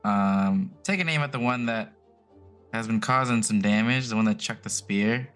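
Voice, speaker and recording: Low-voiced man playing a tabletop game. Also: normal speed, fairly bright tone, faint music behind. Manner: casual, with playful in-character asides. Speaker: player.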